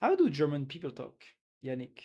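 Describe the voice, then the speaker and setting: A man's voice: on the high side, huge pitch swings, moderate pace, husky, dull audio. A man with a French accent chatting casually on a live stream, rambling and reading chat aloud; French is his first language. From France.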